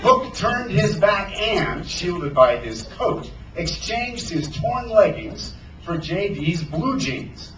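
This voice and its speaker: A man, an author, reading a children's adventure novel aloud at a bookstore event with animated storytelling. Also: sits high, slow, few pauses, noisy background. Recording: roomy sound from a distance.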